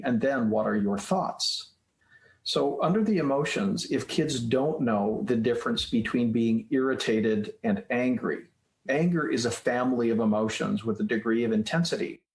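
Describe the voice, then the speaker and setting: A man being interviewed on a podcast as a guest author, explaining ideas step by step like a teacher. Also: mid-range voice. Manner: explanatory, teacherly, walks through steps. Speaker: guest author, child psychologist. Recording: roomy echoey room sound.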